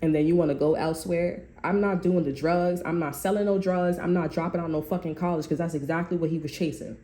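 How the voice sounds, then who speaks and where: A woman's voice: on the low side, steady tone, quick pace, dark tone, roomy sound. A young adult woman giving a casual tarot reading, blunt and profane, drifting into personal stories. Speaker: tarot reader.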